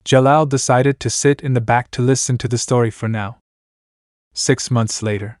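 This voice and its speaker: A man reading a fan story aloud in steady narration. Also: mid-range voice, moderate pace, no echo, studio quality. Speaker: fanfiction reader.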